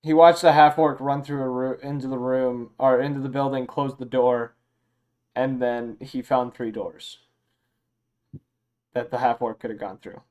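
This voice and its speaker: A man narrating a tabletop game as game master, relaxed and loose, with many fillers. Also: medium pitch, measured pace.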